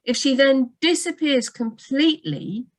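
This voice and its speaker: This woman, a book doctor, pitches high while fielding writing questions live on a video call. Her delivery is animated and peppered with rapid asides and restarts.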